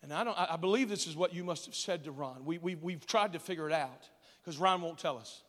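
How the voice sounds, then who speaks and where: A male pastor preaching a storytelling sermon, swinging from booming shouts to hushed asides. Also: fairly quick. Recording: long reverb of a large church hall.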